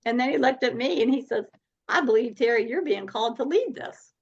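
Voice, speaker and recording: Woman coach as podcast guest, animated storyteller; dull remote-call sound. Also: a little high, fairly quick, breathy edge. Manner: animated, laughs often while telling stories.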